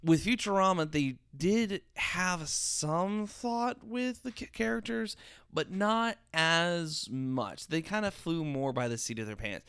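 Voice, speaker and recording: A man's voice: high voice, slow pace, a bit bright, clear, resonant tone, no room sound, studio quality. A man chatting casually about a cartoon series, rambling with many fillers and restarts. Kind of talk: casual review chat.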